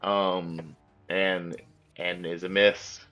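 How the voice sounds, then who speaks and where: A man narrating as game master, relaxed and full of fillers. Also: sits low, very slow, faint music behind.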